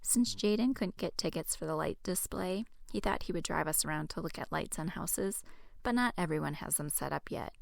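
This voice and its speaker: A woman reading her own romance novel aloud in a soft, hushed first-person narration. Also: lowish voice, moderate pace, creaky, no room sound, studio quality. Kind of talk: audiobook narration.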